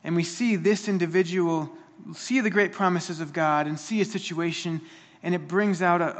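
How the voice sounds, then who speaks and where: Earnest high-voiced preacher in a reverberant hall. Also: male voice, fairly bright tone. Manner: earnest, emphatic, with frequent restarts. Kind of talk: sermon.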